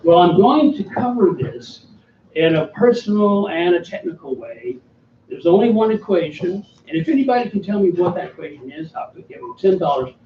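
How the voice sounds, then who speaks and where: A guest speaker in his seventies from Alabama gives an after-dinner talk with slides in a banquet hall, full of wry, self-deprecating humor. His high, expressive voice moves at a moderate pace. The recording is distant, echoey, and muffled, with slight background noise.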